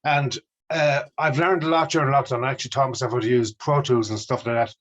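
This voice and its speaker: A man's voice: medium pitch, steady tone, fast. A middle-aged Irish man, a musician guest, telling stories about his career with enthusiasm. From Ireland. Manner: enthusiastic, storytelling. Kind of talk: casual interview chat. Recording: dull lo-fi audio.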